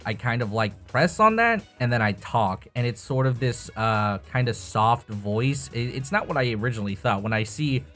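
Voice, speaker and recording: A man's voice: mid-range voice, expressive, moderate pace, hardly any pauses, fairly bright tone, soft background music. A young man talking casually about voice acting with a voice changer, rambling and swearing. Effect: voice changer tests. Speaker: YouTuber. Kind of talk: casual tutorial chat.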